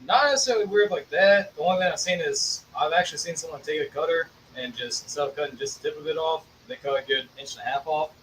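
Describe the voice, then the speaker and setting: A quiet guest tells a short story in a low-key, fast way. He is fairly high-pitched. He sits well back from the mic, with a faint hum behind him. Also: distant mic, rough recording. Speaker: podcast guest. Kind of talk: casual cigar podcast banter.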